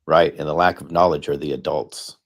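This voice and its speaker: A middle-aged man with a very low, deep voice talks with earnest conviction, hammering his points by repeating phrases. He speaks like a guest on a discussion panel. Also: fairly even intonation, brisk. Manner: earnest, repetitive, emphatic. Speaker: guest speaker, political candidate. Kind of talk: impassioned panel talk.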